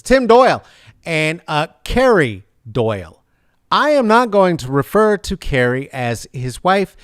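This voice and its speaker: A man's voice: mid-range voice, fairly bright tone, smooth, dry recording, studio quality. A man hosting a sarcastic, rambling comedic news commentary with many fillers. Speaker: vlog host.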